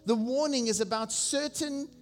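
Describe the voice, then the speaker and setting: High-voiced preaching man in a reverberant church. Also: normal speed. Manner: exhorting, asks the congregation questions. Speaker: senior pastor. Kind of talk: sermon. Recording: long reverb with faint music.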